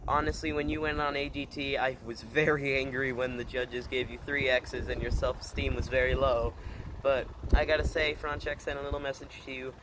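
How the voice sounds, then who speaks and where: A man chatting casually to his channel, rambling and hesitant, full of fillers and deadpan puns. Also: medium pitch, a little fast, background noise. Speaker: channel host. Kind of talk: casual vlog chat.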